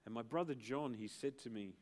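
A man's voice: medium pitch, a little mellow. Emphatic middle-aged male pastor preaching. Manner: emphatic, with pauses and dramatic build-ups. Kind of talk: sermon.

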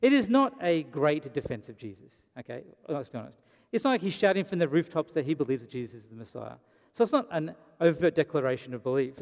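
A male pastor preaches in a fast, animated rush with hardly any pauses, dramatizing the story and briefly acting out quotes from its characters. His voice is fairly high, creaky and a little mellow, and the long reverb of a hall surrounds it.

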